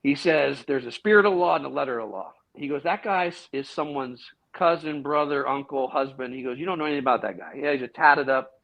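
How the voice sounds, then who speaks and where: A middle-aged man, a guest in a casual interview, telling a long story with lively acted-out quotes and frequent restarts. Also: mid-range voice, a little fast, vocal fry, few pauses. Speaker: guest, former police officer. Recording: dull, lo-fi sound.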